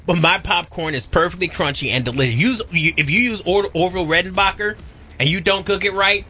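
A man co-hosting a casual radio show, riffing loudly with exaggerated quoted outbursts. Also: high voice, fairly quick, slightly rough. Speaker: radio co-host.

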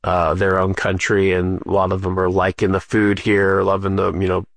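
A man's voice: sits low, completely flat delivery, normal speed, gravelly, no room sound. A man, co-hosting a casual chat with easygoing remarks. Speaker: co-host.

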